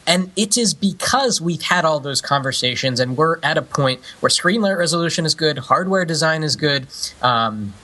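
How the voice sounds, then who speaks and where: Man, podcast co-host, bright tense tone, enthusiastic, casual chat. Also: fairly high pitch, lively intonation, moderate pace. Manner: earnest, enthusiastic, goofy.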